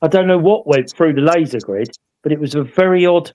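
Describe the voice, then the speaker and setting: A man's voice: fairly high pitch, brisk, warm tone, highs cut off. A man telling a paranormal investigation story in a rambling, casual way, often adding tag questions to draw agreement. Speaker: paranormal investigator co-hosting a live show.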